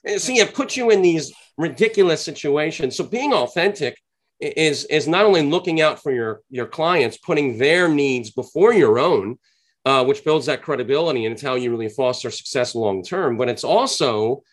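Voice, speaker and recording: A man's voice: fairly high pitch, lively intonation. A man speaking as a podcast guest and sales trainer, explaining his views in an earnest, conversational way and drawing out the words he wants to stress. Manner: earnest, explanatory, drawn-out emphasis on key points. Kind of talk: conversational interview answer.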